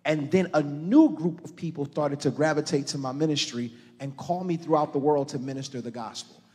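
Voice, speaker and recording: A man's voice: a little high, fairly quick, breathy edge. Impassioned preacher man, hall echo. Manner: impassioned preaching that swings from hushed to shouting; calls on the congregation directly. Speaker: pastor. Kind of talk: sermon. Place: church. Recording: long reverb of a large church hall.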